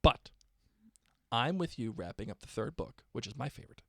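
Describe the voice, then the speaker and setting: A man's voice: medium pitch, expressive, normal speed, bright, forceful tone, no echo. A man co-hosting a podcast in casual chat, reading listener emails aloud. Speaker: podcast co-host.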